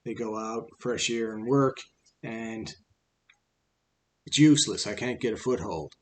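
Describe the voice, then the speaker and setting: A man's voice: lowish voice, measured pace, lightly acted. A man casually voicing a grumbling female gout spirit in a retold fable, complaining in a rambling way.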